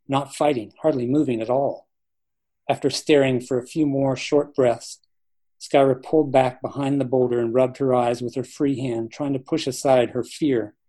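Male author narrating his own fiction, mellow tone, measured delivery. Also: medium pitch. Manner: steady, measured storytelling. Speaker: author reading his novel. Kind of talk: audiobook-style narration.

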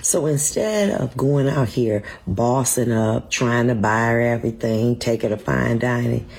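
Sixties woman, raspy gravelly tone, lecturing men on dating, firm and direct. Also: rumbling low, unhurried, darkish tone. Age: 60s. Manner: blunt, preachy advice to men. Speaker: relationship advice speaker in a clip. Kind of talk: direct advice monologue.

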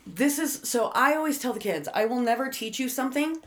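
Woman, casual talker, blunt and foul-mouthed, animated explainer. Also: high voice, fairly quick. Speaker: friend giving advice. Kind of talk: casual chat.

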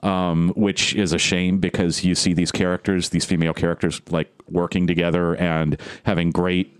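A man with a very low voice, sitting in as guest co-host and chatting thoughtfully with a ready laugh. The recording is close and dry. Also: flat delivery, moderate pace, clean tone, dry recording. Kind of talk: casual chat.

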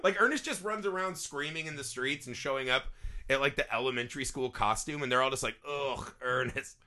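A man's voice: mid-range voice, quick pace, bright, forceful tone. A man co-hosting a movie podcast, telling stories in casual chat, swearing often and laughing through his lines, who grew up in a small farm town. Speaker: podcast co-host.

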